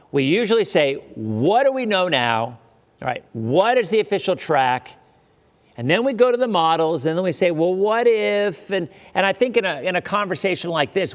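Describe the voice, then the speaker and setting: A man's voice: on the high side, big-room sound. A man hosting a live weather forecast, talking in a chatty way with joking asides to his viewers.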